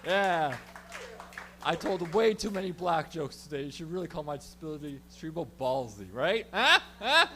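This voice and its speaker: A man performing a stand-up comedy set, telling an animated story with shouted sound effects. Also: on the high side, fast talker, few pauses, slight background noise.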